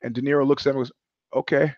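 A man's voice: medium pitch, flat delivery, racing, dry recording. Wry rambling man, dull lo-fi sound. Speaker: podcast host. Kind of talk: casual monologue commentary.

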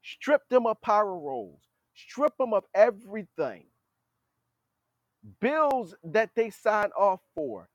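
A man's voice: high voice, very animated, slow pace, dry recording, dull audio. A man hosting a podcast, giving a blunt political commentary monologue and scolding leaders directly as if they were listening. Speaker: podcast host.

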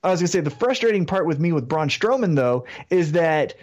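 A man's voice: fairly high pitch, lively intonation, fairly quick, a little mellow, highs cut off. A man co-hosting a wrestling podcast, ranting animatedly with plenty of swearing in casual chat. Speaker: podcast co-host.

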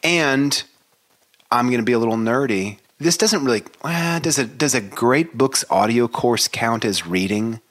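A man's voice: medium pitch, lively intonation, measured pace, a bit bright. A man co-hosting a book podcast, speaking thoughtfully with hesitations and self-deprecating asides. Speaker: podcast co-host. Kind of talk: casual book podcast chat.

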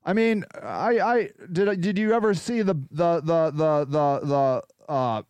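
High-voiced man chatting in a dry room. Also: slow, a little mellow, smooth, no echo. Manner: rambling, chatty, reacts to viewer comments. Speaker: podcast host. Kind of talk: casual livestream chat.

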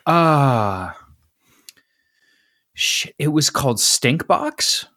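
American guy rambling on a podcast, laughy, self-deprecating, super bouncy pitch. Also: animated, extremely slow, sharp tone, no room sound, clean studio sound. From United States. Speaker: podcast co-host. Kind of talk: casual chat.

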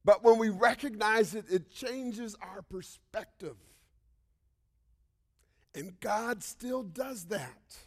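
A male pastor preaching a sermon, telling a personal story with frequent "right?" asides and swings between loud outbursts and hushed whispers. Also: high voice, takes it slowly, long pauses.

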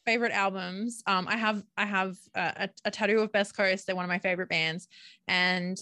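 A young adult Australian woman co-hosts a relaxed podcast conversation. Her voice is bright and forward. It is recorded close and dry, and she rambles happily with plenty of "like" and "um". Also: mid-range voice, brisk, dry recording. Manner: chatty, lots of "like" and "um". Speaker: podcast co-host. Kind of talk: casual chat.

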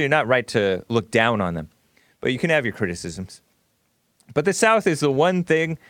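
A man hosting a call-in talk show, speaking at an ordinary pitch in a loose, meandering way. He is opinionated and often laughs at his own remarks. His voice is recorded close and dry, with no room sound. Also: dry recording. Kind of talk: casual call-in radio commentary.

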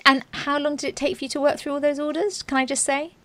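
A woman's voice: sits high, steady tone, quick pace, bright, forceful tone. A woman hosting an interview podcast, earnest and encouraging, often saying 'you know'. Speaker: podcast host.

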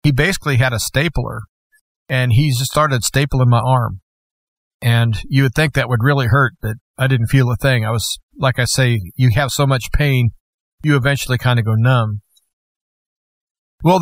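A man's voice: mid-range voice, normal speed, no room sound. Plainspoken man telling his story, dry sound. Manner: plainspoken, conversational, folksy asides. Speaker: guest host. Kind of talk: personal testimony storytelling.

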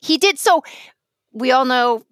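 A woman co-hosting a podcast in casual chat, an animated storyteller who restarts her sentences often. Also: high voice, measured pace, no room sound. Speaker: podcast co-host.

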